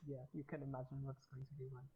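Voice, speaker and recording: A man's voice: medium pitch, monotone, very fast, dark tone, breathy edge, highs cut off. A man chatting casually and teasingly with friends on a racing stream. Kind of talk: casual chat.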